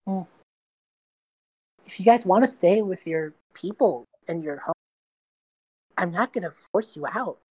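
A woman's voice: fairly low pitch, lively intonation, measured pace, pauses often, a little mellow, breathy edge, dry recording, poor audio. A woman playing a young male prince who pleads earnestly and rambles, trying to make peace. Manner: earnest, rambling, eager to please.

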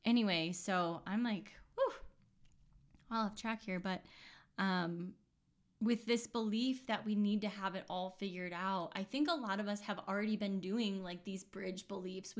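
A woman with a mid-range voice hosts a relaxed spiritual podcast. She talks in a loose, chatty way, full of little fillers and restarts. Her tone is earnest and reassuring throughout. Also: mid-range voice. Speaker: podcast host giving intuitive readings. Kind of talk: casual spiritual podcast monologue.

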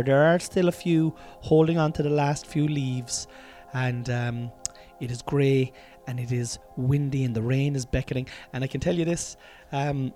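A man's voice: medium pitch, steady tone, a little slow, warm tone, faint music behind. An Irish man hosting a casual solo podcast from a room at home, rambling along, cutting himself off mid-sentence and swearing freely. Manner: rambling, self-interrupting, sweary and chatty. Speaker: podcast host.

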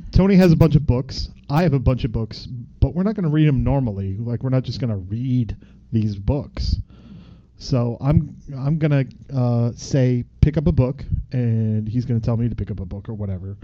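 In a casual podcast chat, a male co-host with a medium-pitched voice and a moderate pace explains things in a rambling way, leaning on lots of fillers. The recording sounds dull and lo-fi.

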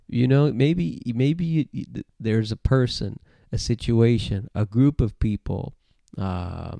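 Male preacher, gravelly and mellow, conversational sermon delivery with restarts, dry close sound. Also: mid-range voice, slow pace, no room sound. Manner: conversational, repeats words and restarts. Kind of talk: sermon-style Bible teaching to camera. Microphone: camera mic, close.

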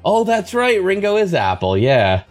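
A man's voice: high voice, huge pitch swings, measured pace, faint music behind. A man co-hosting a podcast in casual chat, rambling with lots of fillers and restarts. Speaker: podcast co-host.

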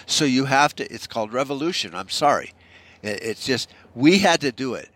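A man's voice: mid-range voice, animated, moderate pace, fairly bright tone, dry recording. A man hosting a podcast, delivering an angry, profanity-heavy political rant full of stammered restarts. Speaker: podcast host.

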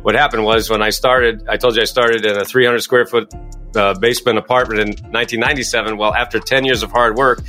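A middle-aged man speaks fast, in a bright and forceful voice. He answers interview questions with emphatic energy, with faint music underneath. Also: medium pitch, fairly even intonation. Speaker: podcast guest, coach.

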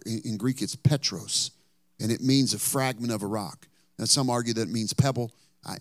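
A male pastor preaching a sermon, telling Bible stories dramatically and rising to loud bursts. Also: mid-range voice, no echo.

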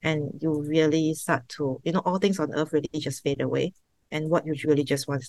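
Low-voiced woman sharing a heartfelt testimony. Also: normal speed, darkish tone, no room sound. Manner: emotional, heartfelt, sometimes laughing and tearful. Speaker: interview guest, server founder. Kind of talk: personal testimony.

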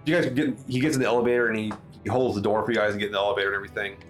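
A man's voice: lowish voice, steady tone, very fast, faint music behind. A man narrating as game master of a tabletop role-playing game, talking loosely with many fillers and restarts.

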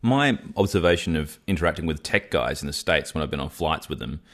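A man co-hosting a podcast in casual chat, telling stories in a measured, deliberate way. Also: rumbling low, expressive, a bit bright. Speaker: podcast co-host.

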